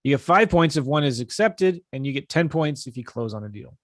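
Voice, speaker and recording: A man coaching on a live webinar, casual and upbeat as he walks viewers through his screen. His voice sits in an ordinary middle pitch. The sound is dry and close, with no room echo. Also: brisk. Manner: casual, energetic, talks straight to viewers. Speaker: real estate investing coach.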